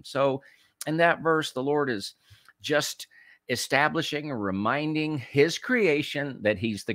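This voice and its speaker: A man hosting a talk program, reading scripture and preaching commentary in an emphatic way, often restarting and repeating words and slowing down to stress key phrases. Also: mid-range voice, fairly bright tone, no echo, studio quality. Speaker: host of a political talk show.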